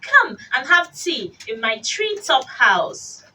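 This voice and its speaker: A woman voicing an owl in a children's story, with high hooting squeals. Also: sing-song, takes it slowly, sharp tone, heavily acted. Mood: coaxing. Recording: distant mic with faint hiss.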